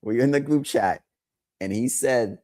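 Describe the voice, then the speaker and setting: A man co-hosting a sports podcast, excitable in casual chat, often restarting his sentences. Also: medium pitch, unhurried. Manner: excitable, lots of restarts and laughter. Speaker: podcast co-host.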